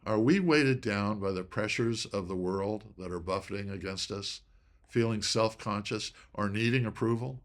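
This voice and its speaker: Deliberate man teaching scripture study. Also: fairly low pitch. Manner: deliberate, stresses key words. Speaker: presenter of a Bible study talk. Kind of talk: inspirational teaching talk.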